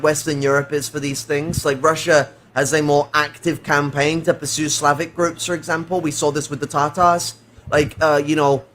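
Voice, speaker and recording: A man hosting a casual political voice-call stream, talking in an animated, swearing, lecturing way. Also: fairly high pitch, slight background noise. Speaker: stream host.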